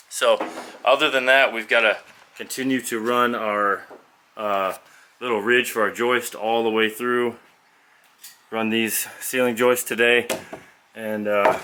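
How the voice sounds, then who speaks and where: A man with a lowish, bright, forceful voice gives a casual walkthrough of his outdoor building job in a loose, folksy manner, step by step. The camera's own mic records it, with wind blowing across the site.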